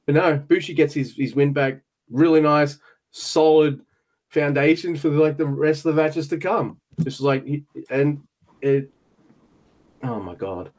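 Male co-host, casual recap, rattles off moves in quick bursts. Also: on the high side, a little mellow. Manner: quick play-by-play bursts, swears when surprised. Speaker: podcast co-host. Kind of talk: casual match recap chat.

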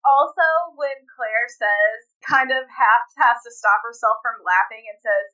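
A woman co-hosting a podcast in casual chat, lively and laughing often, heard as dull sound from away from the mic. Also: a little high, a little slow, distant mic. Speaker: podcast co-host.

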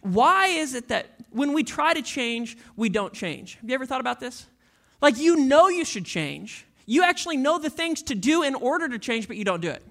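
A pastor giving a sermon in a church, speaking casually to the congregation and acting out listeners in quick asides. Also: high voice, very animated, fairly bright tone. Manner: casual, conversational preaching to the congregation.

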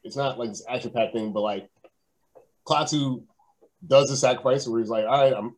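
A man's voice: mid-range voice, moderate pace, a little mellow, poor audio. A man casually discussing an old film as a podcast co-host, easygoing and agreeable, with plenty of fillers.

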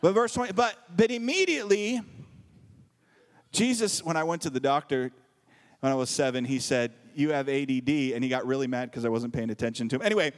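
A man's voice: mid-range voice, a little fast, long reverb tail. A man preaching a sermon as pastor, reading scripture with joking asides and calling on the congregation to answer back. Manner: animated preacher, joking asides and call-and-response.

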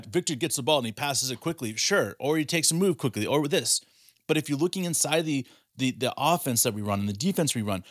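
A man in a casual sports talk show, building his argument with questions he answers himself. His voice sits at a middle pitch and sounds dry and close, with no room around it. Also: a bit bright, no room sound. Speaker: podcast co-host.

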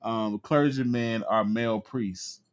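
Slow, measured man co-host. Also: medium pitch, steady tone. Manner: measured, explaining. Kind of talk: casual talk show chat.

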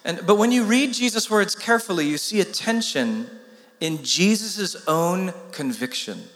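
A man's voice: sits high, animated, moderate pace, fairly bright tone, in a large hall. A man preaching a sermon with urgent emphasis, asking the congregation rhetorical questions. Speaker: pastor.

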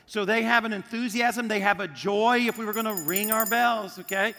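A male pastor preaching a sermon to a congregation, lively and drawing the crowd into call-and-response. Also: high voice, normal speed, creaky, long reverb tail, faint music behind. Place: church auditorium with congregation.

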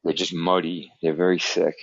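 A man's voice: low-pitched, level tone, moderate pace, creaky, slightly rough, dry recording. New jersey guy rambling on a podcast, cussing, muffled dry recording. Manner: profane, rambling storytelling. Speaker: podcast co-host. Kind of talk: casual chat.

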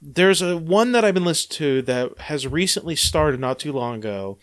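Casual male podcast host, rambling and filler-heavy, a bit high-pitched. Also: animated, moderate pace. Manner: rambling, many fillers and restarts.

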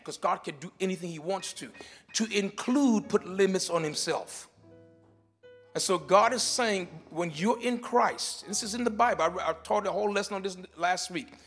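A man delivers a sermon in a church with a notably high voice. He swings between quiet, careful explanation and loud, urgent declarations, often repeating words as he works through a point. Faint music runs behind him. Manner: shifts from shouted declarations to quiet teaching. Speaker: pastor. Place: church sanctuary.

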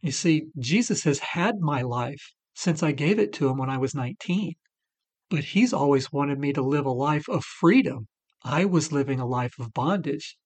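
A man's voice: a little high, expressive, normal speed, breathy edge. A middle-aged man co-hosting a faith-based recovery talk, sharing his personal testimony earnestly. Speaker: recovery podcast co-host.

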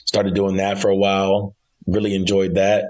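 A man's voice: low-pitched, monotone, moderate pace, a little mellow, poor audio. A young man from Arkansas, a college basketball coach telling his career story in a casual interview, often repeating and restarting his words. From Arkansas, United States.

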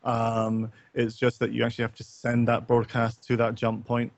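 A man's voice: medium pitch, monotone, normal speed, vocal fry, no room sound, highs cut off. A man co-hosting a late-night gaming stream, rambling in a casual chat full of fillers, restarts and offhand swearing. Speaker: co-host of a gaming talk stream.

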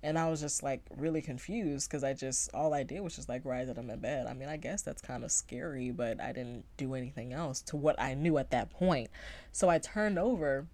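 Chatty low-voiced young woman. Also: moderate pace, a little mellow. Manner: chatty, rambling, many fillers and self-corrections. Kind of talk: casual storytelling.

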